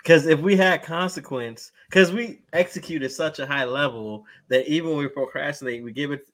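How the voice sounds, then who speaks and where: Male co-host, joking and opinionated, somewhat higher pitch. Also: moderate pace, a bit bright. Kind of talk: casual chat.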